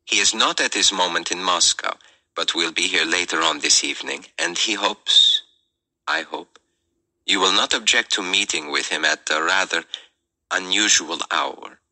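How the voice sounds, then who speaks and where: A man's voice: sits low, expressive, normal speed, pushed and bright, full character voice, low-quality recording. A man voicing a cryptic, formal woman. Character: excited, formal woman contact.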